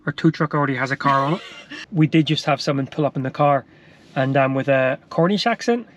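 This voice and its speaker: A man's voice: mid-range voice, steady tone, a little fast, slight background noise. A man chatting casually in a travel vlog, teasing and joking while stuck by the road. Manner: jokey, teasing, chuckles often. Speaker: vlogger. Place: stopped van beside a road.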